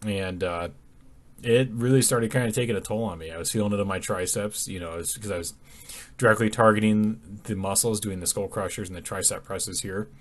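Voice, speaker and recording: Low-voiced sleepy young man rambling. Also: steady tone, fairly quick. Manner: rambling, many ums and restarts. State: sleepy, yawning. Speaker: fitness vlogger. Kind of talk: casual voice-over commentary on a workout.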